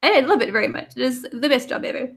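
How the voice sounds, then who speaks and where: A woman's voice: high-pitched, expressive, fast, gravelly, breathy edge, pitched above the performer's own voice, heavily acted. Woman doing a tiny chipper copper robot. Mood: eager. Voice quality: cute little robotic voice. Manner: eager, dutiful, formal. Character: tiny cheerful male copper automaton servant.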